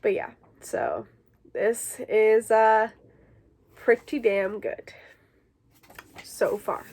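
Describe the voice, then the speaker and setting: A woman with a slightly high voice hosts a casual book vlog from home, gushing and emotional as she talks. She leans on fillers and spills her feelings freely, recorded on a simple camera mic. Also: level tone, extremely slow, a little mellow. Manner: gushing, emotional, filler-heavy with frequent likes. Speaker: book vlogger. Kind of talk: casual chat.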